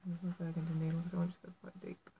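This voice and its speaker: A woman's voice: on the low side, level tone, racing, gravelly, dark tone, slight background noise, rough recording. Chatty Yorkshire woman teaching felting. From Yorkshire, England. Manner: chatty and self-deprecating, apologetic asides. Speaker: felt artist teaching a tutorial. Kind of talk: casual how-to tutorial.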